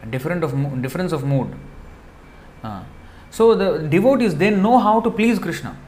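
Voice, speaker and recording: A man giving a devotional lecture in a loose, conversational way, full of fillers, acting out quoted lines in a softer voice. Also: on the high side, animated, normal speed. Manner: conversational, many fillers, acts out quoted dialogue softly. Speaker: preacher.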